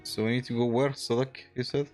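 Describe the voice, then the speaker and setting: A man's voice: medium pitch, little pitch movement, brisk, a little mellow, soft background music. A man streaming a video game, chatting casually and thinking aloud as he plays. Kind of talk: casual gameplay commentary.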